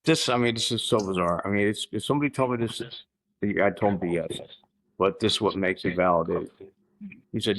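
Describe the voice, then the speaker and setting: A man in his fifties from Missouri speaks in a lowish voice. He tells a deeply personal story as a podcast guest, pausing, restarting his sentences and clearing his throat along the way. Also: fairly bright tone, a little hiss or hum, rough recording. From Missouri, United States.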